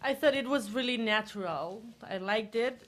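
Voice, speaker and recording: Measured female judge, somewhat high. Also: slight background noise.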